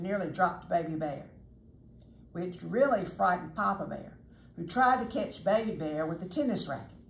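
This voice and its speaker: A woman reading a children's picture book aloud as a chatty storyteller, pointing out the pictures as she goes. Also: medium pitch. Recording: echoey room, faint noise.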